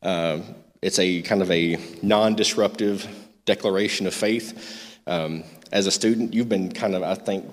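A man whose voice sits low, with fairly even intonation and a slightly slow delivery, leads a youth group. In a church meeting room, he rambles through loose announcements full of fillers, then reads a devotional aloud; the recording has long hall reverb.

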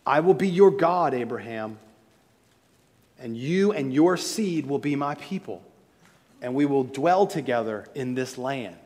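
A man delivering a sermon, building to emphatic high points and then dropping quiet and low. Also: animated, unhurried. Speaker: preacher. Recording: long reverb of a large hall.

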